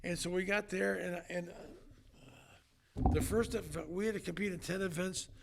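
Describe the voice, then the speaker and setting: An older man and former strongman, telling an emotional story in an earnest, halting way with many restarts. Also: high voice, steady tone, vocal fry, heavy background noise. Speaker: retired strongman, guest.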